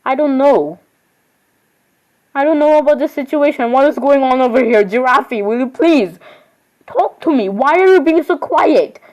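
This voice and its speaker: A woman's voice: high voice, moderate pace, a little mellow, poor audio. A woman voicing every doll in an improvised role-play, talking in a rambling, chatty way with sudden surprised squeals. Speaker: voicing all the dolls in a homemade role-play.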